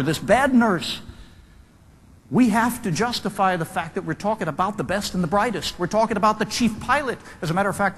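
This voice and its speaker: A man's voice: high voice, fairly bright tone. Man telling a story from a lecture stage. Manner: vivid, acts out the quoted crew voices. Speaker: speaker. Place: large hall before an audience. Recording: long hall reverb, faint room noise.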